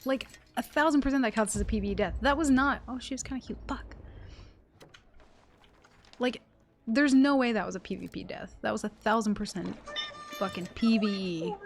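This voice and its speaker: A woman streamer chatting with her live audience while gaming, excitable and full of swearing. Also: fairly high pitch, normal speed, vocal fry, pauses often, a little hiss or hum. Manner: profane, excitable, talks to chat. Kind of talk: live game stream chat.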